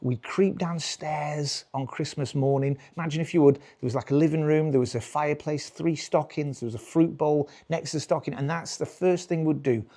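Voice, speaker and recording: A man's voice: on the high side, fairly even intonation, moderate pace, hardly any pauses, mellow. A British man in his forties doing stand-up, rambling and cutting himself off as he chats with the crowd. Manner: rambling, self-interrupting, chatty with the crowd. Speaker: stand-up comedian. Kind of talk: stand-up comedy.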